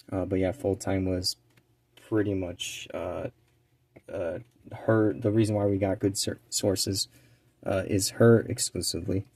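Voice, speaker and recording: A man's voice: low voice, dry recording. A man chatting casually and rambling with lots of fillers while he works on a small craft task. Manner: rambling, relaxed, many fillers; drops to a quiet near-whisper while focusing. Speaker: eBay reseller and channel co-host.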